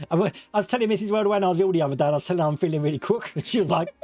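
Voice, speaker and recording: Giggly quiz host, mixed Australian-British accent. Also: male voice, sits high, mellow, dry recording, faint music behind. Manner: giggly, playful, reads options slowly. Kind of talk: livestream quiz hosting.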